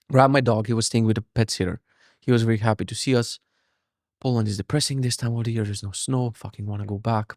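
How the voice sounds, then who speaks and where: A man in his thirties hosting a podcast, telling a story as a casual rant, animated, cursing freely and mocking himself. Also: mid-range voice, no echo, clean studio sound. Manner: animated, profane, self-mocking. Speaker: podcast host.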